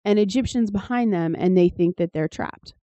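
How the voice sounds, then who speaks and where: A woman's voice: medium pitch, moderate pace, mellow, no echo. A woman co-hosting a casual podcast, reading scripture aloud and adding sardonic, profane commentary. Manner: sardonic, swears freely, reads passages aloud with commentary. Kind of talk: casual irreverent chat.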